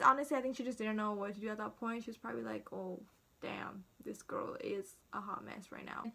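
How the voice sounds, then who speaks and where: A woman's voice: sits high, bright, forceful tone. Chatty teen girl telling a story. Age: teens. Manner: chatty, dramatic, acts out quotes. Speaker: vlogger. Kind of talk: casual storytime.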